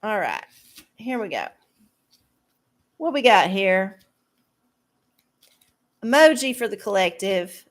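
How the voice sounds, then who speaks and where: Slow-talking profane woman streamer. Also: medium pitch, very animated. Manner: profane, rambling, laughs often. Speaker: livestream host giving oracle card readings. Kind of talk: casual live-stream chat.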